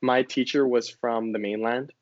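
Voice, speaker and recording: A young man from Hawaii talks openly in a casual conversation, laughing easily and slipping into playful voices when he quotes people. His voice sits at an ordinary pitch. The recording is dry and a little dull. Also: fairly even intonation, moderate pace, dry recording. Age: young adult. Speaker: student.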